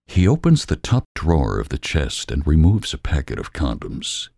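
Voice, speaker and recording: Male reader for romance audiobook; deep, husky, slow and hushed. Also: wildly swooping pitch, no echo. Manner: slow, hushed, often whispering. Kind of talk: scripted narration.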